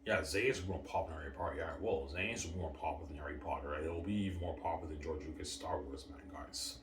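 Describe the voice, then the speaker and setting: A bass-voiced man hosts a casual solo livestream, speaking at a quick pace. He boasts over and over and keeps calling out to his viewers. The mic sounds distant in a roomy space, with background noise.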